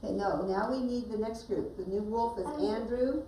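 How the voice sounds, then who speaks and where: A woman's voice: medium pitch, normal speed, mellow. A woman teacher narrating a story for her pupils to act out and giving them directions as she goes. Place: classroom. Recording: distant, echoey classroom with background noise.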